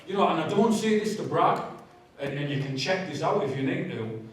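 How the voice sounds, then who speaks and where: A man's voice: a little high, lively intonation, brisk. A man giving a candid, conversational personal testimony with humour in a large church hall. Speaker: guest speaker giving testimony. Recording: very echoey hall, distant mic.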